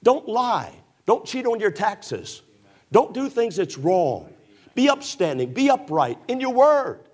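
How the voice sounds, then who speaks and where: A man's voice: high voice, big pitch swings, slow. A man preaching a sermon in a church, emphatic and folksy, teasing his listeners with sarcastic asides. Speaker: pastor.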